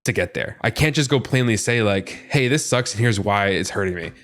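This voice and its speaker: Male podcast panelist, animated and earnest, pitch swings widely, rambling delivery. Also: fairly quick. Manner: animated, rambling, heavy use of "like"; earnest and frustrated. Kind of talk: casual podcast discussion.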